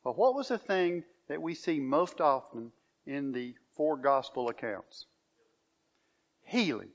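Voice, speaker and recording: A man preaching a sermon, reading scripture and pressing his points with emphatic rises in pitch. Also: lively intonation, takes it slowly. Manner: emphatic, rising on key phrases, reads scripture aloud. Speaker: pastor. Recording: dull lo-fi recording.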